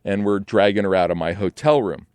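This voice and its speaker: A man's voice: lowish voice, fairly quick, smooth, no room sound. Brief: man in his forties, rambling and profane comic storyteller, dry close mic. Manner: animated, profane, digressive storyteller with frequent "like" and "right?". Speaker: host telling a story.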